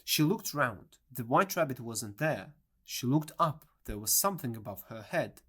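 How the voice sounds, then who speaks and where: A reader narrating a storybook with a lively voice. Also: medium pitch. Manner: clear, measured reading. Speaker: audiobook reader.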